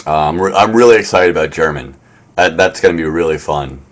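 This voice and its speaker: A man's voice: very deep voice, a little fast. A man hosting a casual live stream from his room, rambling with lots of fillers and a wry tone. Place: apartment in Tokyo.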